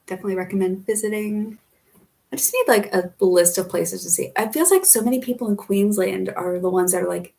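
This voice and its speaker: A woman's voice: mid-range voice, fairly quick, vocal fry, a little mellow. A young American woman from the Philadelphia area living in Australia, chatting casually while she answers viewer questions in a live stream. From United States, Philadelphia area. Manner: chatty, reads out viewer comments and answers them.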